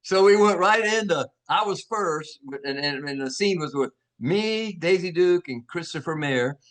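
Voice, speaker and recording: Older male actor, interview guest; higher-pitched voice, animated anecdotes full of impressions and restarts. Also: moderate pace. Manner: animated, acts out quoted voices, frequent restarts. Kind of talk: anecdotal storytelling.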